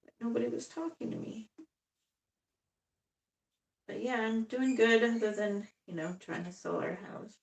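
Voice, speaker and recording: At home in an echoey room, far from the mic, a woman in her fifties chats on a casual live stream while working on dolls, rambling and laughing often. Her voice is fairly high with vocal fry, a little slow, and she pauses frequently.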